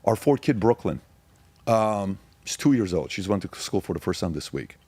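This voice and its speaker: A man's voice: low-pitched, expressive, moderate pace, warm tone, breathy edge, dry recording. A man in his forties from Iran, a podcast guest telling his story in an emphatic, casual way and firing off rhetorical questions.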